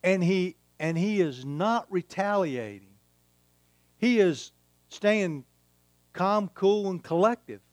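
A man's voice: sits high, animated, slow pace, pauses often, darkish tone, no echo. A man preaching a sermon, emphatic and repeating his key phrases. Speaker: pastor.

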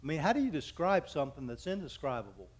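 A man's voice: fairly high pitch, sing-song, slightly rough. A man in his fifties preaching a sermon as pastor, telling folksy, joking anecdotes and often stopping to restart his sentences. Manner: halting, with frequent restarts.

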